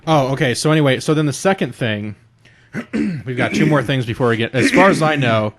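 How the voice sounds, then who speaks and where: A male podcast co-host in swearing, casual banter, recounting a grievance in a ranting, exasperated way. His voice sits at an ordinary middle pitch. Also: animated, a little fast.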